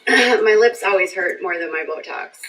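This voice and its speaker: A woman's voice: mid-range voice, normal speed, a bit bright, poor audio. A woman chatting casually on a livestream, talking straight to her viewers.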